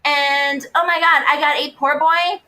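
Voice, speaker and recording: A woman voicing a gushing, clueless tourist woman in a mocking, breathy imitation. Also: high voice, steady tone, a little slow, sharp tone.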